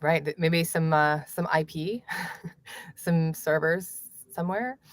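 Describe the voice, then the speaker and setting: A woman author being interviewed, answering in a measured way with light laughs and frequent fillers. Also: low voice, dry recording. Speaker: author and journalist guest. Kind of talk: conversational interview.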